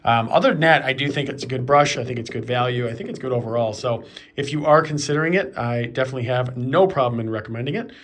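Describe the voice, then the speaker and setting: A man's voice: mid-range voice, quick pace. A man giving a casual, conversational product review, talking loosely with plenty of fillers. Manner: relaxed and conversational, with frequent fillers.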